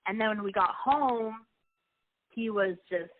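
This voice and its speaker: A young woman, the wife of a wrestling coach, tells personal stories as an interview guest, chatty and emotional, often restarting her sentences. Her voice is mid-range and her pace measured. The line sounds tinny and phone-like, dry with no room sound.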